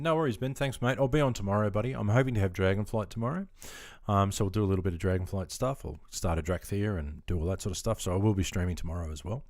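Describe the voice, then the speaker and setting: A man's voice: fairly low pitch, quick pace, few pauses, darkish tone, dry recording, clean studio sound. A man chatting casually on his game live stream. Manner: chatty, reads out chat messages.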